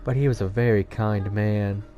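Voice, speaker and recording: A streamer reading game dialogue aloud, voicing the sad, quiet ghost of a young schoolgirl in a soft, subdued way. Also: medium pitch, steady tone, moderate pace, dull audio, faint music behind, voice pushed down, natural voice. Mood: wistful.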